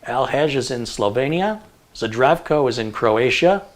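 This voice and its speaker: A middle-aged man hosts a tech livestream in an easy, chatty way. He reads through names and places and keeps breaking off for quick jokes. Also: mid-range voice, animated. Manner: chatty, jokey asides while reading a list. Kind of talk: casual livestream chat, reading viewer locations.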